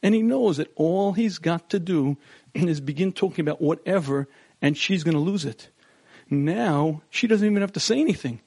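A middle-aged man teaching couples in a seminar, telling stories and pausing often to clear his throat. His voice sits a little high for a man. It is recorded dry and close. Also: lively intonation, a little mellow, no echo. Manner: storytelling, acts out quotes. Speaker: marriage seminar speaker. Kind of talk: lecture to couples.

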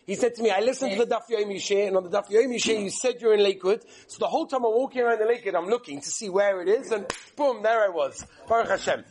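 A man's voice: high-pitched, fast talker, hardly any pauses, darkish tone. A man, a rabbi, giving a live class, rambling and joking with his listeners between points. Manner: rambling, chatty storyteller who jokes with the room. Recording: live room with audience crowd. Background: audience murmuring and laughing.

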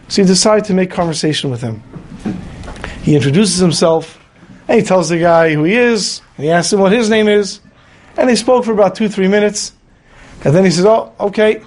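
A man's voice: sits high, fairly quick, darkish tone, slight background noise. A man telling a story in a Torah class, acting out the voices of the people in it. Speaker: rabbi.

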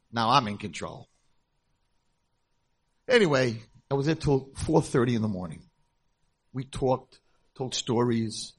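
A middle-aged man giving a talk to a convention audience, telling the story of a rabbi's encounter with a lot of animation. His voice is somewhat husky, and his pitch swings widely as he acts out the people he quotes. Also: animated, moderate pace, pauses often. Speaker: rabbi and speaker. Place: convention hall, live talk.

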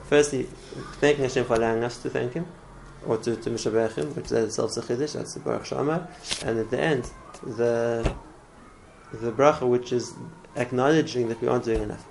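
A man's voice: mid-range voice, fairly even intonation, fairly quick, vocal fry, darkish tone, slight background noise, rough recording. A man teaching a religious class in an earnest way, often repeating words and restarting his phrases. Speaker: Torah teacher.

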